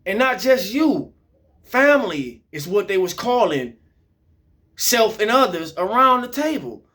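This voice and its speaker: Guy with a high voice going off in a rant, cussing a lot, keeps throwing the same question back. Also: sing-song, unhurried, a bit bright. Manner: confrontational, repeats questions, heavy swearing. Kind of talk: profane monologue rant.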